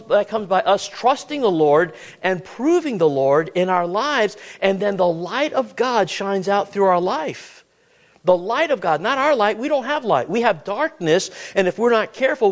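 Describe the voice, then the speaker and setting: A man preaching a sermon, with many questions to the listeners and repeated words. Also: high voice.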